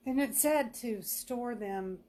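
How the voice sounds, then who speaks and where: A woman's voice: fairly high pitch, mellow. An older woman with a Southern US accent, chatty and teasing, co-hosting a home cooking show in her kitchen. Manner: chatty, teasing, quick to laugh. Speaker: co-host. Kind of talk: casual cooking chat. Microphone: distant mic. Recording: echoey kitchen with far-off mic and background hiss.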